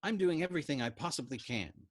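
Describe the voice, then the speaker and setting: A man doing a soft-spoken, gentle chaplain. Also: a little high, lively intonation, fast, pitched above the performer's own voice. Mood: earnest. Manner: soft, earnest.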